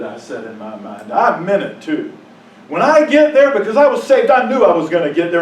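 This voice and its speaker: High-voiced man giving an emotional testimony. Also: sing-song. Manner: emotional storytelling, rising to impassioned outbursts; drops to a hushed, halting voice at painful moments. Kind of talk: personal testimony to a congregation. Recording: echoey room, mic at a distance.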